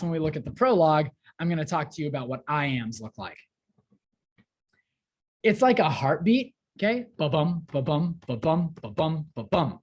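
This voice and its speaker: A woman's voice: low-pitched, breathy edge. A woman teaching a lesson, explaining step by step with frequent fillers. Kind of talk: classroom lecture.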